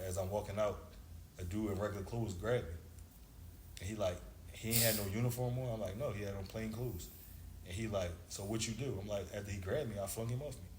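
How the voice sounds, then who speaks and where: This man's voice is low and a little mellow. He's in his thirties, once played basketball, and tells a long, easygoing story in slang while acting out what people said. The room is echoey, with faint noise in the background.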